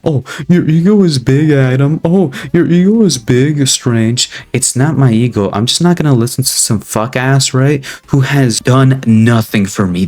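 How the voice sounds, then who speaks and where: A young man ranting casually about an online game, blunt and profane, rambling and often tacking on "right?". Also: fairly low pitch. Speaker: gaming video creator. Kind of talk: casual gaming rant.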